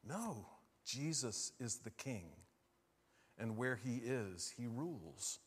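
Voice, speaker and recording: A man preaching a sermon, asking his listeners questions and moving between hushed and loud, emphatic lines. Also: medium pitch, animated, slow pace, husky, long reverb tail.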